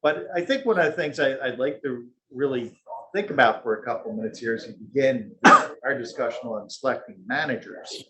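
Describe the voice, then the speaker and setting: A man moderates a panel discussion, putting questions to the speakers in a polite, upbeat tone. His voice sits at an ordinary male pitch. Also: moderate pace, pushed and bright, slight background noise.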